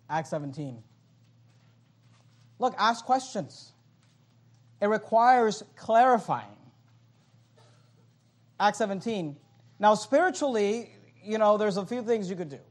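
A man with a high, bright speaking voice preaches a sermon. He is animated and joking, and breaks off into quick acted-out voices before returning to his numbered points. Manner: animated, joking asides, acts out voices of others. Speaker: pastor.

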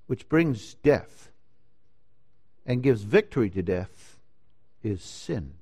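A man preaching a sermon, slow and emphatic, rising to loud declarations and dropping to hushed lines. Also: lowish voice, sing-song, slightly rough. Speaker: pastor.

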